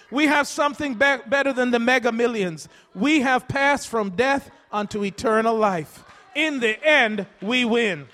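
Man, preacher, very high voice, rousing repetitive delivery, long hall reverb. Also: fairly bright tone. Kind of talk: sermon.

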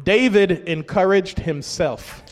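A man with a high voice preaches a sermon in a church hall. He swings from steady teaching up into shouted calls for the congregation to join in. A long reverb trails behind every phrase. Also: slow pace. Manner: rises into shouts to urge the congregation.

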